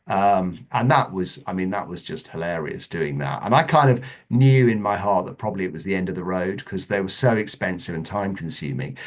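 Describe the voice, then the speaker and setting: A middle-aged man, a guest in a casual interview, telling anecdotes in a chatty way with lively asides. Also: low-pitched, a little fast, hardly any pauses. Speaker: interview guest, former children's TV producer.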